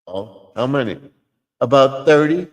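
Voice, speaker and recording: An eager little pond frog squeaks out its answers in a voice pushed far up, as a man puts it on. It sounds chirpy and a bit loud. A long reverb trails behind it. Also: animated, measured pace, natural voice. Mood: excited. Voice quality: high squeaky put-on voice.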